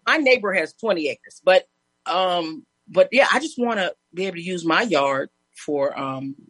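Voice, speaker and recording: Husky animated woman storyteller. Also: fairly low pitch, normal speed, dry recording. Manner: animated, laughing, acts out neighbors' lines. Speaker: guest. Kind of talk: casual storytelling chat.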